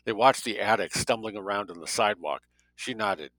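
A man narrating a story as an audiobook reader, with a steady, measured delivery. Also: lowish voice, no room sound, poor audio.

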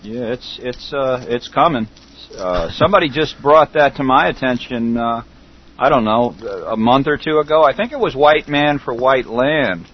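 A middle-aged man hosting a casual internet radio chat, talking haltingly with lots of fillers and restarts. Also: medium pitch, expressive, slight background noise. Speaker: host. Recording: dull lo-fi call audio.

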